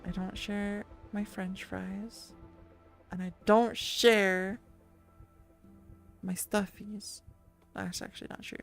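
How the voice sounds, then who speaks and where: A woman's voice: mid-range voice, little pitch movement, slow pace, creaky, pauses often, faint music behind. A woman streamer chatting casually and rambling with her viewers, full of restarts and little laughs. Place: lying down at home.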